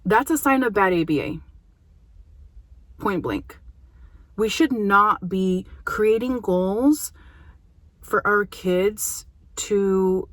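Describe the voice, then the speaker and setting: A woman's voice: mid-range voice, dry recording. Earnest woman behavior analyst advising parents. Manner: earnest, warm-hearted advocacy with emphatic pauses. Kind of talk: casual educational talk to parents.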